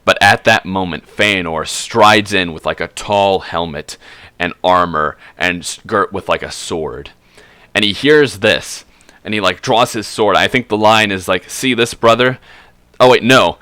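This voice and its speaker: A man casually retelling a fantasy book over a drink, rambling, swearing and correcting himself. His voice is low but bright and forceful. The sound is dry and close. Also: measured pace, clear, resonant tone, no echo. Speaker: streamer.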